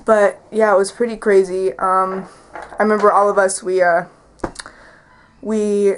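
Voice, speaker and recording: A woman's voice: medium pitch, little pitch movement, measured pace, slight background noise, low-quality recording. Chatty teenage girl vlogging. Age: teens. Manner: chatty, rambling, heavy use of "like". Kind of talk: casual vlog chat. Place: her bedroom at home.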